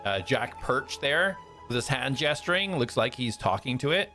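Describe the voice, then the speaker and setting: Bright-voiced man running a tabletop game. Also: medium pitch, sing-song, normal speed, faint music behind. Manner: loose descriptive narration with many fillers. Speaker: game master.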